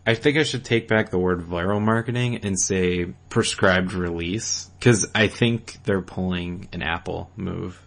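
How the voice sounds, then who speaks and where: A young man with a low, deep voice co-hosting a gaming chat show. He talks in a loose, rambling way, circling back on himself and dropping casual swears as he goes. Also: unhurried, creaky, few pauses, fairly bright tone. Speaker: podcast co-host.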